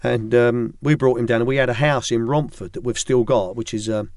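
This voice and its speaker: A man's voice: mid-range voice, fairly even intonation, brisk, darkish tone, no room sound. Older man telling rambling stories in a studio. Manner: rambling storyteller, many restarts and ums. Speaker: guest, former football academy director. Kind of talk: anecdotal interview chat.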